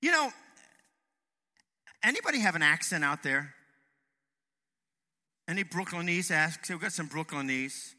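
A middle-aged man preaching a sermon with emphasis, swinging between loud passages and hushed ones. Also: on the high side, lively intonation, measured pace, pauses often. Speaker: pastor. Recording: long hall reverb.

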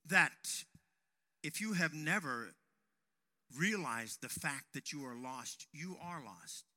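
A man preaching a sermon to young men, telling a personal story and raising his voice to a shout at dramatic moments. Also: fairly high pitch, expressive, takes it slowly. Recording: long hall reverb.

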